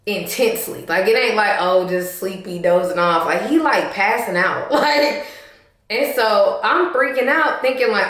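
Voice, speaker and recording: A young woman telling a storytime to camera in an animated, sassy way, talking straight to her viewers. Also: medium pitch, unhurried. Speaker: vlogger. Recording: echoey room.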